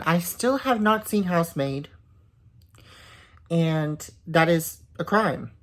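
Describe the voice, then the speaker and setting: Slow-talking young woman book vlogger. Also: sits low. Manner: chatty and indignant, swears, repeats words. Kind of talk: casual reading vlog.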